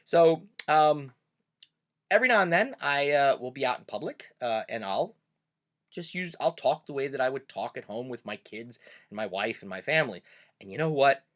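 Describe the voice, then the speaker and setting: Lively-voiced man with a Pennsylvania Dutch accent. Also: medium pitch, normal speed. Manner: conversational, reflective, many fillers. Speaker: host of a cultural video series; German teacher. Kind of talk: casual video monologue.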